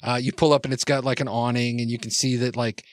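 A man's voice: medium pitch, little pitch movement, fast talker, no room sound, clean studio sound. A man narrating as game master in a tabletop role-playing game, rambling with lots of fillers and restarts.

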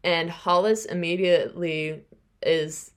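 A woman's voice: lowish voice, slow. A young adult woman hosting a podcast, casually recapping a novel's plot in a chatty way and acting out the characters' lines. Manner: chatty, acts out characters' lines while retelling. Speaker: podcast host.

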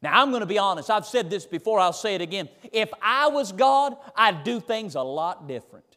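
A man, preaching a sermon in an animated, folksy, emphatic way, recorded in a church sanctuary. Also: high-pitched, a little fast. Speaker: pastor. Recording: reverberant church hall.

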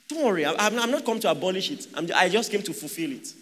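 High, bright-voiced preacher in a reverberant hall. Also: male voice, big pitch swings, fast talker. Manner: rhetorical questions to the congregation, joking asides. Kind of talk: sermon.

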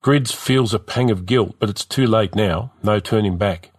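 A man's voice: fairly low pitch, normal speed, no room sound, clean studio sound. A man narrating a story in a vivid, rhythmic reading.

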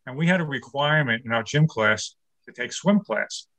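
A man's voice: medium pitch, expressive, moderate pace, bright, forceful tone. A man in his sixties from New York City doing a stand-up comedy set over a video call from his home studio, firing off one-liners and laughing at his own jokes. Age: 60s. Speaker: stand-up comic.

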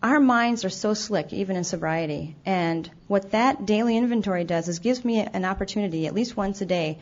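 At medium pitch and a fairly quick pace, a woman delivers a personal testimony about her recovery, candid and self-deprecating. She acts out her past remarks and sometimes stumbles over restarts. The event recording is dull and lo-fi.

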